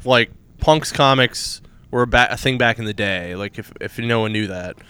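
Man, casual comic chat, rambling retelling, laughs often, smooth voice, dry sound. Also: mid-range voice, moderate pace, sharp tone, no echo. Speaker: podcast co-host reviewing comics.

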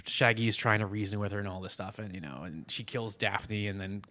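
A man's voice: on the low side, steady tone, brisk, pushed and bright. A man in casual chat, rambling through a comic book recap with many fillers and little acted quotes.

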